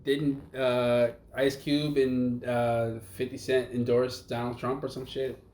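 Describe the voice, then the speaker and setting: A young man chats on a casual podcast at a middle pitch, swearing often and losing his thread. The room is echoey, with faint noise underneath. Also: flat delivery, takes it slowly, a little mellow. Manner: rambling, profane, trails off. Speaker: podcast co-host. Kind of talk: casual chat.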